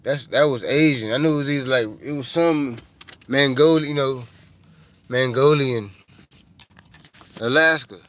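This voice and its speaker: Bright-voiced middle-aged man rambling. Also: medium pitch, measured pace, long pauses. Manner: rambling, profane, laid-back, chatting with viewers. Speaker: livestream host. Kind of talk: casual livestream chat.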